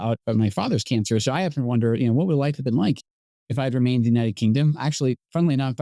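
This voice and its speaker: Fast-talking Scottish-born male podcast host. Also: mid-range voice, warm tone, dry recording. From Scotland. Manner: fast, thoughtful and self-deprecating. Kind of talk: conversational interview.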